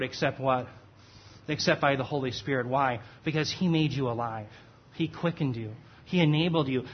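A man delivers a conversational expository sermon in a fairly high, husky voice. He keeps checking in with his listeners and pauses to correct his own slips. The recording sounds dull and muffled. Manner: conversational, checks in with "okay?", self-correcting, laughs at himself. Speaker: pastor.

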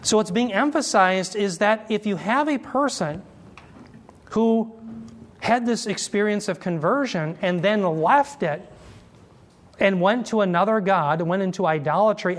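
A man teaching an expository sermon, explaining Greek terms slowly and asking his listeners questions as he goes. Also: high-pitched, slight background noise. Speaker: Bible teacher.

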